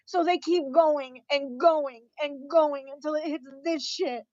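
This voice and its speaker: A woman's voice: high voice, unhurried, darkish tone, no echo. A woman crying as she rants on a livestream, furious and profane, repeating herself as she vents. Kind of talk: angry livestream rant. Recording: dull lo-fi stream audio.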